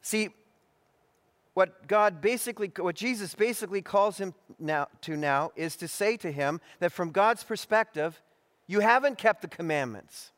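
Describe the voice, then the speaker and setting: A man preaching an expository sermon, measured and deliberate, with frequent restarts and fillers. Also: sits high, expressive, fairly bright tone, in a large hall.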